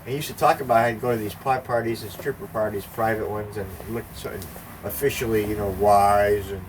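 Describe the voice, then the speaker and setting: A man's voice: on the low side, steady tone, brisk. An older man telling a rambling, profane anecdote in casual conversation, acting out the voices of the people in it. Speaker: storyteller. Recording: distant mic with faint background noise.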